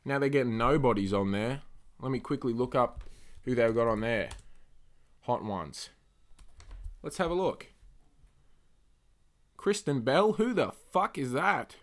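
A man hosting his own solo podcast, rambling and swearing through rants that flare up loud and high when he gets angry. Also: lively intonation, unhurried, long pauses. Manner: rambling, profane, ranting. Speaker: podcast host.

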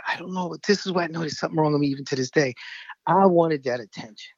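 A man's voice: fairly high pitch, fast talker, darkish tone, breathy edge, no echo. A man in his fifties from the Bronx, co-hosting a podcast and telling stories animatedly, laughing often. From New York (Bronx). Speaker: podcast co-host. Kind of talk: casual chat, storytelling. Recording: dull, dry lo-fi sound.

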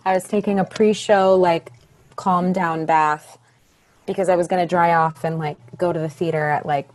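Chatty actress telling a story. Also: female voice, fairly low pitch, moderate pace. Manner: animated, acts out quoted voices. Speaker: podcast guest, stage actress. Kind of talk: casual interview storytelling.

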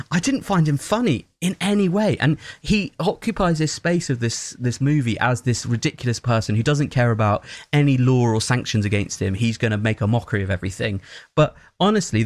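A man who is not American, giving an animated, opinionated film review in casual chat, with many fillers and restarts. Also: mid-range voice, dry recording.

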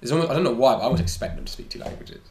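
A young man from England hosting a casual podcast chat, slangy and quick to laugh. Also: medium pitch, lively intonation. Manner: chatty, slangy, laughs often. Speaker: podcast host. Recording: echoey room with faint ambient noise.

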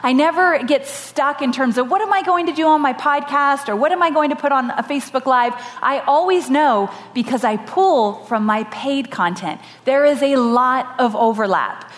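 A woman with a high, bright voice tells a story from the stage, lively and quick to laugh. Her words ring out with a long hall echo around them. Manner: animated, laughing storyteller with dramatic quoted voices. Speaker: podcast host giving a conference talk. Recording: live talk with long hall reverb.

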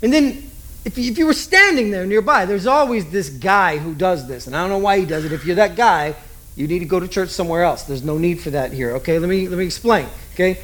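A man with a notably high voice delivers a sermon as a pastor. He talks in a loose, conversational way, cracks jokes and keeps putting rhetorical questions to his listeners. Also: animated, fairly quick, fairly bright tone, slight background noise.

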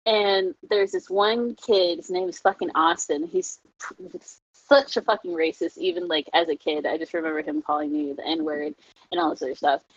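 Animated, profane young woman. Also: lowish voice, moderate pace, no room sound. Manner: animated, profane, heavy use of "like", laughs often. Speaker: guest telling personal stories. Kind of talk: casual chat. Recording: dry, slightly muffled lo-fi recording.

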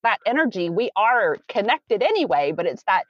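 A woman's voice: medium pitch, sing-song, normal speed, dry recording. Meandering woman coach, dull recording. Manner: meandering, self-correcting, earnest. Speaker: coach with clients. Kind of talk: conversational interview. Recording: dull lo-fi sound.

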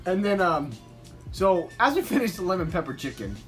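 A man's voice: high voice, sing-song, fairly quick, a bit bright, soft background music. A young man telling friends about a camping trip in a chatty way, laughing as he goes. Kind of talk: casual storytelling with friends.

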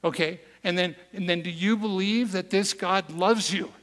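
A man's voice: high voice, normal speed, fairly bright tone, pitched above the performer's own voice. A man voicing a smug, skeptical male caregiver who asks mocking, probing questions, heard in an echoey hall. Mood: smug, needling.

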